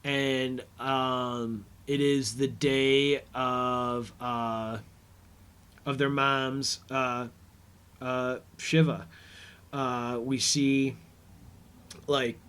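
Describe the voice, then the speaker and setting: A man's voice: medium pitch, a bit bright, clear, resonant tone. A man hosting a podcast, recapping a TV episode in a rambling, casual way and paraphrasing scenes. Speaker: podcast host.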